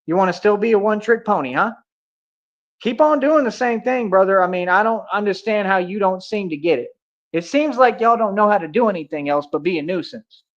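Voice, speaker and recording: A man's voice: sits high, expressive, brisk. A man ranting on a livestream, confrontational and taunting, with heavy street slang. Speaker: streamer. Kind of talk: livestream rant. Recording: dull lo-fi audio.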